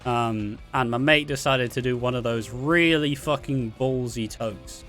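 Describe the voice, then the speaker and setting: A man's voice: mid-range voice, measured pace, a bit bright, faint music behind. A young man with a Welsh accent telling rambling, sweary anecdotes, laughing as he goes. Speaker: vlogger. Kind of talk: casual storytelling.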